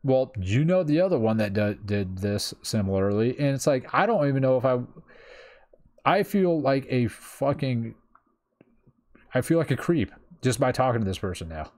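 A man's voice: mid-range voice, expressive, normal speed, darkish tone. A man in his thirties telling a personal story in casual chat, rambling with lots of fillers and swearing freely. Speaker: streamer.

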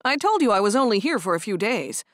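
A woman's voice: mid-range voice, big pitch swings, quick pace, dry recording, lightly acted. A woman reading a jilted young man, curt and bitter with jealousy, in a storybook romance. The voice moves freely up and down and sounds close and dry.

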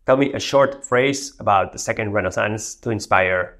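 A man's voice: on the low side, normal speed, fairly bright tone. A man hosting a tech video, casually walking through a demo and giving spoken prompts to an AI assistant. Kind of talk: casual screen demo narration.

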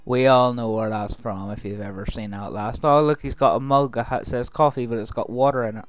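A man's voice: mid-range voice, steady tone, fairly quick, no echo, soft background music. A man recording let's play commentary, joking and talking back to the game's characters. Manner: jokey, talks back to game characters. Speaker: gaming video host.

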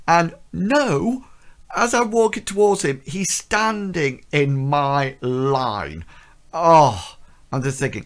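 A man vlogging, recounting a personal story with animated delivery. His voice sits in a middle pitch and climbs as the tension builds. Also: normal speed. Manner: animated retelling, voice lifting with tension.

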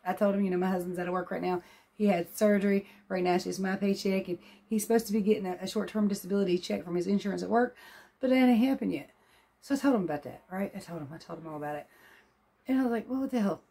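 A woman chatting casually to her phone camera as a vlogger, folksy and quick to laugh. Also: medium pitch, creaky, dark tone. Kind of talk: casual vlog chat. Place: outdoors at a car lot, then at home.

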